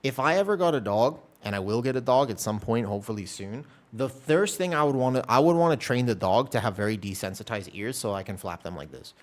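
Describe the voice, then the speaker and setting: A man's voice: medium pitch, lively intonation, fairly quick, few pauses. A man streaming, chatting casually with viewers, rambling and self-deprecating, swearing casually.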